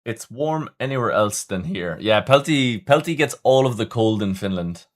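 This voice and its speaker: Man, livestream host, casual chat, rambling, restarts often, very animated pitch. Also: normal speed. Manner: rambling, chatty, stumbles and restarts.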